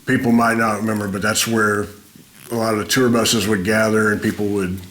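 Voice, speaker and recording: A man hosting an interview, calmly setting up a story and inviting his guest to tell it. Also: on the low side, a little fast, low-quality recording. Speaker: host and interviewer. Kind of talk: interview questions.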